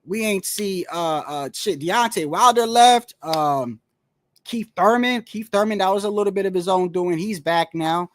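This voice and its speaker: A man's voice: high voice, measured pace. A man talking casually about boxing in a rambling, slangy, profane way. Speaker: boxing commentator. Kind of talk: casual solo boxing talk.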